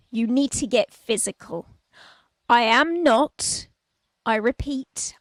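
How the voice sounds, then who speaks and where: Outdoors with a handheld mic, a woman whose voice has a fairly high pitch talks to camera informally as a parenting coach. Her advice comes across conversational and emphatic, and she acts out tones with her voice; the audio has no room sound.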